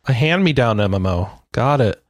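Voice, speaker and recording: A man's voice: medium pitch, animated, normal speed, no echo, studio quality. A man co-hosting a gaming podcast who jokes around and moves the talk through the news list. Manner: joking, leads the topic list. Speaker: podcast co-host. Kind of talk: casual gaming news chat.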